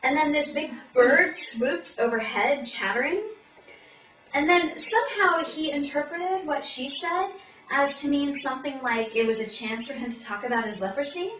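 A chatty woman retelling a fantasy novel with lots of fillers, as if among friends. Her voice is high and bright, and it sounds echoey from a mic set well back in the room. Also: normal speed, recorded from a distance. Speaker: podcast co-host. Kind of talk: comic book-club recap.

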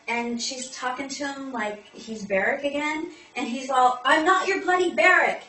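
A woman's voice: sits high, fairly bright tone. A woman co-hosting a comic podcast, recapping a fantasy novel chattily with lots of fillers. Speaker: podcast co-host. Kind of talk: comic book-club recap. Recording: echoey room, mic far off.

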